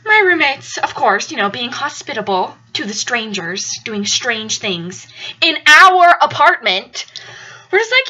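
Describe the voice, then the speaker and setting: A young woman casually telling a story about her apartment, acting out the quotes with big swings in her voice. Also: normal speed. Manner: animated, acts out quotes with big pitch jumps. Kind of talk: casual anecdote. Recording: dull lo-fi audio.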